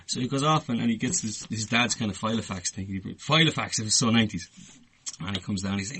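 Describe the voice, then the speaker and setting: Husky Irish man telling a story. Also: medium pitch, quick pace. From Ireland. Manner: animated storyteller, swears freely. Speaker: podcast co-host. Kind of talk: casual chat.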